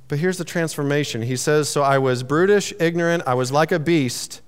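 A man's voice: on the high side, brisk, few pauses, clean tone, long reverb tail. A man preaching a sermon in a loose, conversational way, teasing himself and restarting his sentences. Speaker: pastor.

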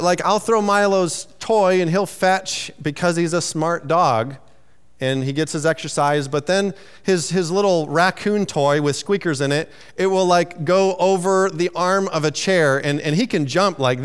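A man's voice: fairly high pitch, normal speed, smooth, long reverb tail. Man preaching with a conversational tone. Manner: conversational, self-teasing, with stammered restarts. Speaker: pastor. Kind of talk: sermon.

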